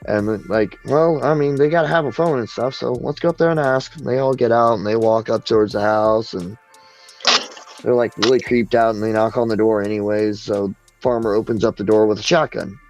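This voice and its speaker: A man's voice: fairly low pitch, brisk, a little mellow, soft background music, poor audio. A man telling a joke in casual chat, loose and drawling with lots of fillers. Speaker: co-host.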